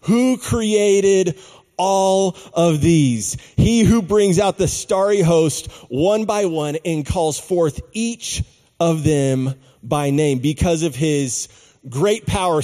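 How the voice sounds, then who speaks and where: A man delivers a sermon, stretching key words and pausing for weight. His voice sits high for a man yet sounds soft and mellow, with a long reverb trailing behind it. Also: lively intonation. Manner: slow, emphatic preaching with dramatic pauses. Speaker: pastor.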